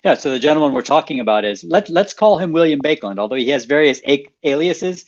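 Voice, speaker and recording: A man, an author guest in a radio interview, animated as he explains a story, restating points and laughing lightly. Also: fairly high pitch, fast, dry recording, dull audio.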